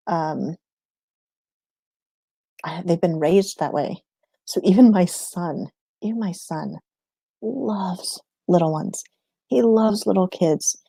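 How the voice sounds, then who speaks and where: A woman's voice: mid-range voice, dark tone, no room sound. A woman in a casual livestream chat, answering viewer questions about homeschooling, rambling and laughing often mid-sentence.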